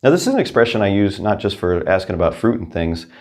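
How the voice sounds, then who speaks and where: Male language teacher, deep voice, upbeat, clear repetition drills. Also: very animated, quick pace. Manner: upbeat, repeats each practice sentence twice. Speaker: Spanish teacher. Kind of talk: language lesson.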